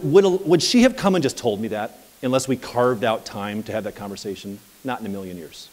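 A man coaching at a live seminar, telling anecdotes in an energetic, conversational way. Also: medium pitch, in a large hall. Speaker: property management business coach. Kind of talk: live seminar talk with audience questions.

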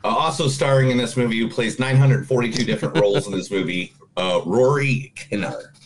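A man's voice: mid-range voice, a little fast, a little hiss or hum, rough recording. A man hosting a movie podcast, upbeat and teasing his co-host in casual chat. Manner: hyped, teasing and boisterous.

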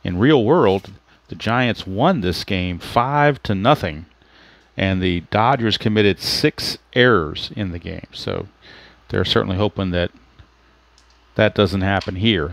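A man's voice: fairly low pitch, moderate pace, creaky, dry recording. A man narrating play-by-play for a tabletop baseball replay, steadily explaining ratings and dice rolls as he goes. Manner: steady explanatory play-by-play, thinks aloud about rules. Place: home setup at a computer.

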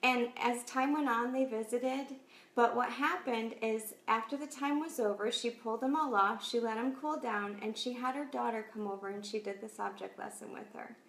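A woman's voice: on the high side, moderate pace, a bit bright. A woman hosting a faith talk show, earnestly encouraging her listeners, retelling a parable and closing with a prayer. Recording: echoey room.

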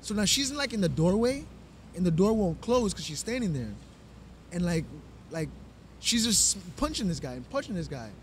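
A man's voice: high voice, very animated, normal speed, slight background noise. A man, co-hosting a podcast and telling a long, profane story with many restarts. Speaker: podcast co-host. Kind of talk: casual storytelling chat.

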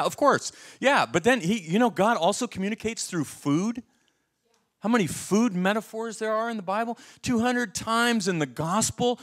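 A middle-aged man preaching a sermon, telling stories animatedly and putting questions to his listeners. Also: sits high. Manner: animated storytelling, asks the audience questions. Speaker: pastor.

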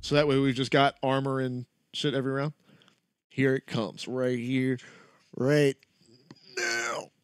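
A man's voice: mid-range voice, flat delivery, measured pace, long pauses, smooth, no echo, clean studio sound. A man streaming a shooter game live, chatting casually with loose, profane, joking trash talk. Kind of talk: casual live-stream chat while gaming.

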